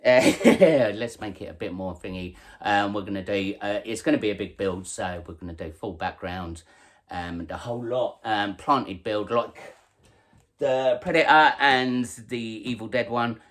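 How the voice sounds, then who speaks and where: A man, hosting a casual vlog and chatting in a relaxed way about his tarantulas, with plenty of ums. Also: lowish voice, measured pace. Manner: chatty, laid-back, says um and uh a lot. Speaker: tarantula keeper and channel host. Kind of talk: casual show-and-tell vlog.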